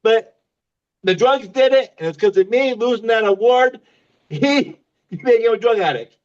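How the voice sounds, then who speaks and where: A man's voice: extremely high pitch, moderate pace, lo-fi sound. A man in his fifties doing a stand-up comedy set, mocking himself and laughing at his own jokes. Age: 50s.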